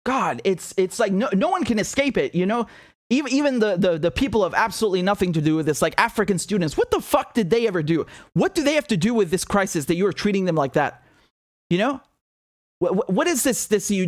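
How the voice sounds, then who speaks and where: Angry ranting man, high voice. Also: animated, a little fast, no echo, clean studio sound. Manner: angry, ranting, profane, repetitive. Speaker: political commentator host. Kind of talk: impassioned monologue.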